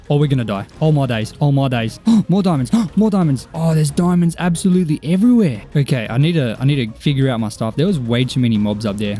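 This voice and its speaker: A young Australian man giving excitable live commentary on his gameplay, exclaiming as he goes and talking to his viewers. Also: mid-range voice. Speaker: gaming YouTuber.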